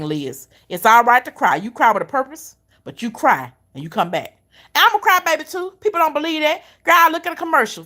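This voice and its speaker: A woman's voice: high voice, pushed and bright. A middle-aged woman giving a faith-based pep talk, repeating her points with emphasis and calling the listener baby and honey. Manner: emphatic repetition, folksy Southern-style phrasing. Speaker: motivational speaker.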